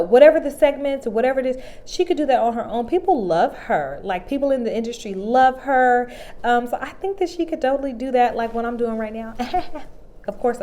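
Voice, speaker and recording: A woman hosting her own vlog, chatting casually and animatedly to her viewers. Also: a little high. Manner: chatty and animated, full of "like" and "honey". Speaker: vlog host. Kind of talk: casual chat to camera.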